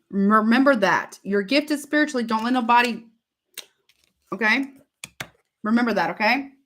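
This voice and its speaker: Her voice is a little high and a bit bright. In a relaxed live tarot session, the woman rambles chattily, circles back over the same points, and keeps calling her audience honey.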